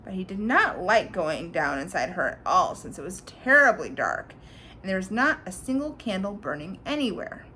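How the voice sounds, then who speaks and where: A woman reading a storybook aloud to a child, animated and pointing out the pictures as she goes. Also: mid-range voice, moderate pace, slight background noise, rough recording.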